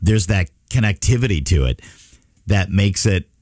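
A man's voice: deep voice, lively intonation, moderate pace, darkish tone, no room sound, studio quality. A man hosting a radio show, telling stories in an earnest, rambling way during casual on-air banter. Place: radio studio.

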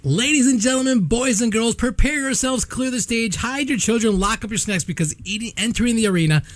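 A man's voice: extremely high pitch, a little fast, no room sound. A man co-hosting a radio show, reading a playful mock announcer introduction. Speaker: radio co-host. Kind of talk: casual chat.

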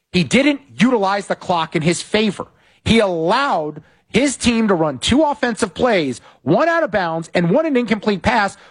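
A man hosting a sports betting podcast, recapping football games and sharply criticizing coaching decisions. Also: sits high. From West Coast of the United States. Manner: animated, opinionated, critical of coaching.

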